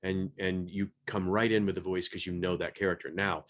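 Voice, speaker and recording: Low-voiced man, animated panel guest. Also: a little fast. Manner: animated, frequent restarts and repeated words. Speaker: audiobook narrator. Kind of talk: panel discussion.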